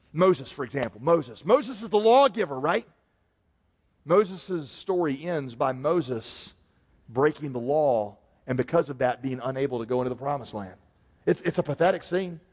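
A man preaching a sermon as pastor, swinging from quiet, slow emphasis to loud bursts. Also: fairly high pitch, big-room sound.

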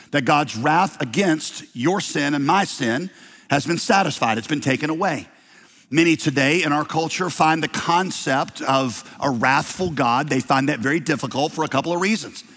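A man's voice: on the high side, moderate pace, husky. Emphatic preacher man in a big hall. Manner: emphatic, swings from loud to hushed. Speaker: pastor. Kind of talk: sermon. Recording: long reverb of a large hall.

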